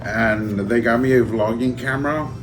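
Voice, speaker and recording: A man in a casual unboxing vlog who talks in an emotional, halting way, choking up and trailing off. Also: mid-range voice. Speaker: vlogger. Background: music.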